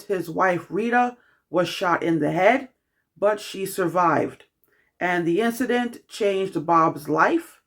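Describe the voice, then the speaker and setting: A young adult film reviewer reading a scripted review in a measured, steady way, with the odd filler. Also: medium pitch.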